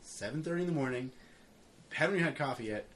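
Fast-talking man telling a funny story. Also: mid-range voice, slight background noise. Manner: animated storyteller, acts out his own and others' lines, filler-heavy. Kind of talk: casual chat among friends.

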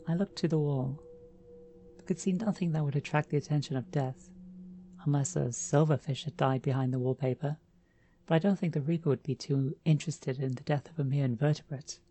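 A woman narrating a first-person horror story in a measured, dramatic reading. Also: sits low, steady tone, dark tone.

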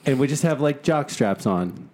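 A man's voice: medium pitch, animated, normal speed, darkish tone, slight background noise. A man hosting a casual comedy podcast, joking crudely and laughing often. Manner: giggly, crude. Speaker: podcast host.

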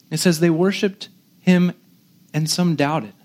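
A man preaching a sermon in a conversational, animated way, poking fun at himself and often restarting sentences. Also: on the high side, takes it slowly, long pauses. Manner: conversational, animated, self-deprecating, with frequent restarts. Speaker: pastor.

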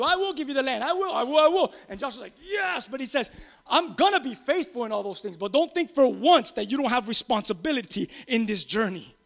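A middle-aged man, a pastor preaching a sermon, moving from low musing to loud, emphatic preaching.

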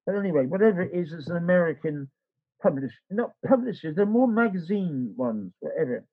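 A man's voice: fairly high pitch, lively intonation, fairly quick, slightly rough. A man, an author, telling a rambling anecdote and acting out the dialogue. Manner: rambling, acts out quoted dialogue. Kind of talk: anecdotal storytelling. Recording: dull lo-fi recording.

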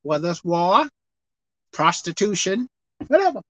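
A woman preacher giving a televised sermon, animated and swinging between loud exclaiming and low murmuring. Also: measured pace, dry recording, low-quality recording.

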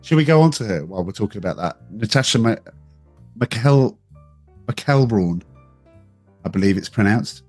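A man's voice: on the low side, expressive, moderate pace, long pauses, husky, soft background music. A man co-hosting a podcast, chatting casually about films in a teasing, wry way. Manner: teasing, wry, listing facts. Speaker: podcast co-host. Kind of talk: casual film discussion.

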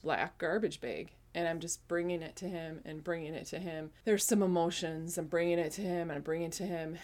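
Low-pitched woman in her 40s telling her faith story, loose and rambly, keeps correcting herself. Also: steady tone, brisk, a little mellow. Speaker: speaker sharing a spiritual testimony. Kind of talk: casual personal testimony.

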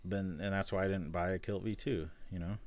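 A man's voice: deep voice, fairly even intonation, darkish tone. A man co-hosting a podcast, chatting casually and joking about guitar gear. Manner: joking, quick asides, often laughing. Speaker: podcast co-host.

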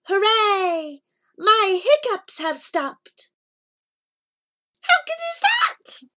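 A woman narrating a children's book aloud, telling it in a lively, childlike first-person way. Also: fairly high pitch. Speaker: audiobook narrator.

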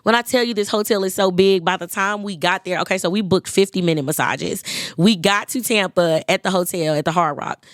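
A woman in her twenties hosting a podcast, chatting casually and lively, talking straight to listeners. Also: mid-range voice, a little fast, dry recording, clean studio sound. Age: 20s. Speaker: podcast host. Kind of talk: casual chat.

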